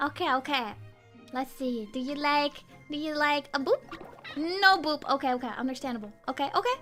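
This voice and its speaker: A woman's voice: high voice, lively intonation, normal speed, pushed and bright. A young woman streaming a game, gushing in cutesy baby talk. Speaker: VTuber streamer. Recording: faint game music.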